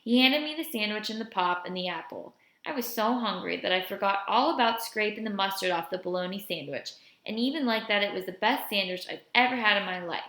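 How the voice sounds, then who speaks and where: A woman reading a children's novel aloud in a steady first-person storytelling voice. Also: medium pitch, fairly quick, hardly any pauses. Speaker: audiobook reader. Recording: roomy echo.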